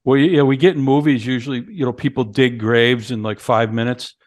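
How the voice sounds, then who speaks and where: A man's voice: medium pitch, fairly even intonation, fairly quick, no echo, clean studio sound. Male podcast co-host, conversational, retells plot beat by beat, quotes lines in character. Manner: retells scenes, acting out lines. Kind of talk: casual movie review chat.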